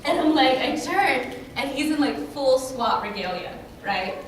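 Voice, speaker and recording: Young woman, high voice, animated storytelling, self-mocking, far from the mic, noisy hall. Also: measured pace. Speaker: panel guest. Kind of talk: convention panel storytelling. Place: large convention hall.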